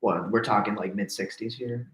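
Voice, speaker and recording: A man's voice: fairly low pitch, steady tone, moderate pace. A young man, a musician guest, talking casually and hesitantly as he searches for words. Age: young adult. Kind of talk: casual conversation. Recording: roomy echo.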